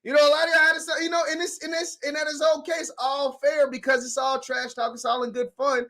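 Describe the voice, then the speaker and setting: A man hosting a casual sports call-in show, talking in an animated way with callers. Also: extremely high pitch, quick pace, creaky. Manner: animated, laughs along with callers. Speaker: host.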